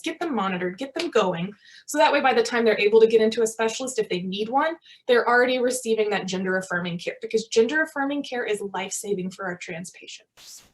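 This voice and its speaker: Chatty woman doctor in her thirties. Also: on the high side. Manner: conversational, frequent tag questions like "right?". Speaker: family medicine physician. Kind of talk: virtual teaching talk.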